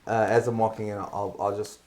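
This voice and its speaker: Low-voiced man playing a tabletop game. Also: little pitch movement, a little mellow, a little hiss or hum. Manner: halting, lots of fillers, switching into character lines. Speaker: player. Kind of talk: casual tabletop role-play.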